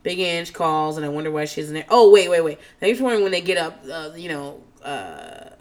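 A woman talks fast and loose as she recaps the drama, swearing often and calling herself a nervous person. She swings from low muttering asides to high, squealing mock quotes of the people she describes. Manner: animated, profane, jumps into squealing mock quotes; calls herself nervous and on edge. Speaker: podcast host recapping a reality show. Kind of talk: casual chat.

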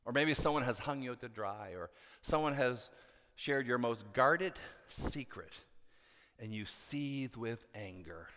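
Animated preacher man in a reverberant hall. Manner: animated, acts out quotes with big pitch swings. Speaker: pastor. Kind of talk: sermon. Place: church hall.

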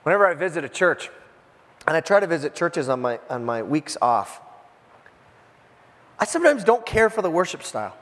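A man preaches to his congregation in a relaxed, conversational way, leaning hard on key points and slipping into the voices of the crowd. His voice sits high for a man. The sound carries the long reverb of a church sanctuary. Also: moderate pace, pauses often. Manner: conversational, emphatic, acts out voices in the scene. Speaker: pastor. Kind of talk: sermon.

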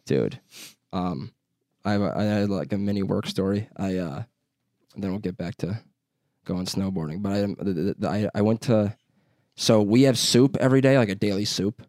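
A man's voice: fairly low pitch, normal speed, darkish tone, dry recording, clean studio sound. Rambling, cursing young man. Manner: profane, rambling storytelling. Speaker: podcast co-host. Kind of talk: casual chat.

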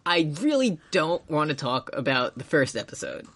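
Female podcast co-host, low and animated, playful, laughs easily. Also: moderate pace. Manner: laughing, playful, swears casually. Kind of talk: casual chat.

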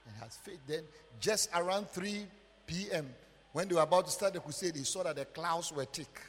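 A male pastor with a Ghanaian English accent, preaching emphatically and swinging from loud outbursts to quiet murmurs. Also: on the high side, normal speed. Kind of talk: sermon. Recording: long church hall reverb.

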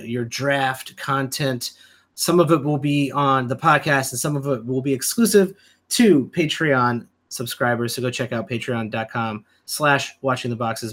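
A man's voice: medium pitch, a bit bright. A man hosting a casual fantasy basketball podcast, laid-back and joking. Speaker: podcast host.

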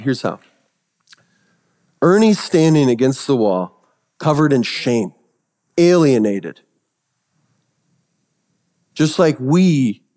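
A male pastor preaching a sermon, telling stories that swing from hushed, reverent passages to excited retellings. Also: medium pitch, long reverb tail.

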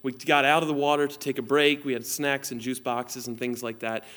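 A man's voice: medium pitch, level tone, a little fast, a bit bright. A man in his thirties preaching an online sermon as a pastor, telling a family story in an earnest way and reading scripture aloud.

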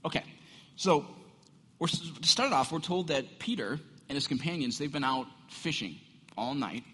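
Lively pastor preaching in a reverberant church. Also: male voice, fairly high pitch, normal speed, husky. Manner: storytelling, animated, acts out voices with laughs. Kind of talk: sermon. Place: church sanctuary. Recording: long hall reverb.

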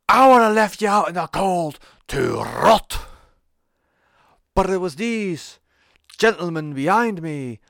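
A man doing an impression of a menacing male wrestler with a Geordie accent, delivering a threat in a slow, emphatic cadence. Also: fairly high pitch, fairly bright tone, no echo, studio quality, pitched above the performer's own voice, full character voice. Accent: Geordie (imitated).

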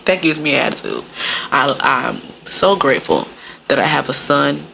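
A woman's voice: rumbling low, expressive, moderate pace, gravelly, pushed and bright, slight background noise. A young woman telling stories in a casual monologue, rambling and profane, laughing often and filling her talk with "like".

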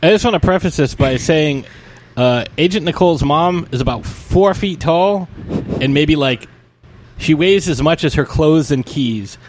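A man's voice: fairly high pitch, expressive, a little slow, slight background noise. A man co-hosting a podcast, chiming in with teasing jokes in a casual chat. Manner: joking interjections, teasing. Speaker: podcast co-host.

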